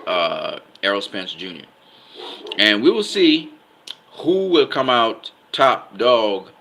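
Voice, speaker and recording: A man's voice: fairly low pitch, sharp tone, slight background noise, rough recording. A man giving casual boxing commentary, emphatic, often repeating himself and stopping to ask "okay?".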